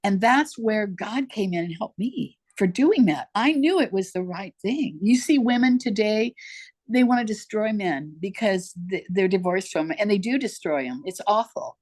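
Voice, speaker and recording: A woman's voice: medium pitch, lively intonation, moderate pace, a little mellow. An older woman, a podcast guest, recounting her life story in an emphatic, repetitive way. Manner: emphatic, repeats herself for weight. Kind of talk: personal storytelling in conversation.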